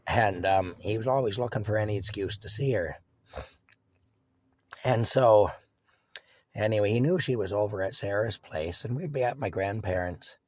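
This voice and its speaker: A man with a fairly low voice tells a meandering story from his childhood. He wanders through fillers, restarts and little chuckles as he goes. The recording is dry, with no room sound. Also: normal speed, pauses often, darkish tone, no room sound. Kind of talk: casual spoken reminiscence.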